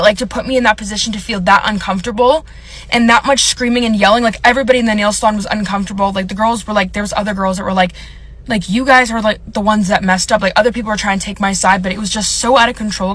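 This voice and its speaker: A young woman rattles through her story at a quick clip, voice sitting in an ordinary middle register. She rambles and leans on filler words, sounding shaken and close to tears the whole way through. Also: medium pitch, steady tone, fairly bright tone. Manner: rambling, filler-heavy, upset. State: on the verge of tears. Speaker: content creator. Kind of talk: storytime vlog.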